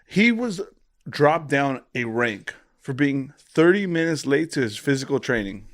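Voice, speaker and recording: A young man co-hosting a podcast, joking in quick casual banter. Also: medium pitch, very animated, no echo. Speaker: podcast co-host. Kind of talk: casual chat.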